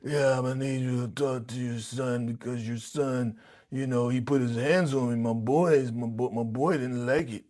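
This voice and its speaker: A man mimicking a raspy-throated grown man from a TV drama as he retells a scene. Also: medium pitch, fairly even intonation, moderate pace, warm tone, lightly acted. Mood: hoarse, pleading. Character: raspy-voiced grown man making threats.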